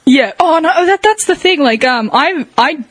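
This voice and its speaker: A woman's voice: high-pitched, expressive, moderate pace, a little hiss or hum. A woman in her twenties with a smoker's cough, chatting frankly, swearing and making fun of herself. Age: 20s. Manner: frank, sweary, self-mocking. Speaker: friend in casual chat. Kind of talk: casual chat.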